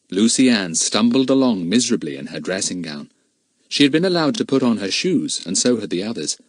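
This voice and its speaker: A man reading a children's adventure novel aloud as narrator, in a steady storytelling manner. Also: lowish voice, no echo, clean studio sound. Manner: steady storytelling, shifting into character voices. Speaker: audiobook narrator. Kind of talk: scripted narration.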